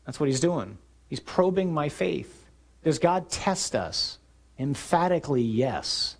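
A man preaching a sermon, telling stories vividly and acting out shouted lines. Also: a little high. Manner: animated storytelling, acting out shouts.

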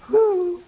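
A woman's voice: very high voice, dark tone, rough recording. A woman preaching a humorous teaching sermon, teasing and chatty as she talks straight to her listeners.

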